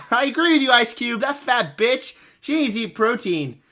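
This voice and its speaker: Sarcastic ranting man with a bright voice. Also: high voice, moderate pace, hardly any pauses. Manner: sarcastic, mocking; animated, exasperated. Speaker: film reviewer. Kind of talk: casual spoken rant.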